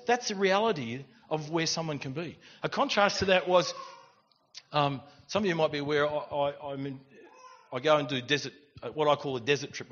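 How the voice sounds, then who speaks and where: A middle-aged man, preaching a sermon and telling stories in an animated way with quiet asides. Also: medium pitch. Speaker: pastor. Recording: dull recording in a reverberant church hall.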